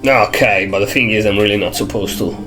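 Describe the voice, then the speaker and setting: A streamer reading a gruff friendly cop. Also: deep voice, brisk, fairly bright tone, soft background music, pitched below the performer's own voice. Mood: reluctant. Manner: reads game dialogue aloud, drops "pal". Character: gruff friendly male police detective. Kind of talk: reading game dialogue aloud.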